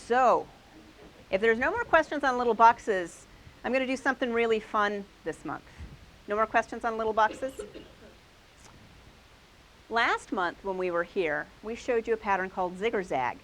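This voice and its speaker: A woman's voice: a little high, moderate pace, pauses often, a bit bright, low-quality recording. Enthusiastic woman hosting a quilting class. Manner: enthusiastic, praising each quilt. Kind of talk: live quilt show-and-tell with a group. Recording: faint hiss.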